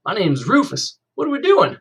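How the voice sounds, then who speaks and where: A man's voice: on the high side, lively intonation, normal speed, a bit bright, breathy edge, voice pushed up. Man doing a chatty country boy. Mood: friendly. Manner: eager, drawling country talk. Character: friendly country boy, new kid, chatty.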